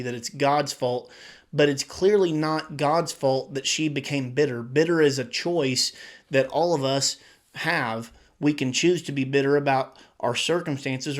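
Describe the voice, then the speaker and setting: Guy leading a bible study, voice on the higher side, reads the verses out with some punch. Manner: explains verses plainly, reads scripture aloud with emphasis. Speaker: Bible teacher.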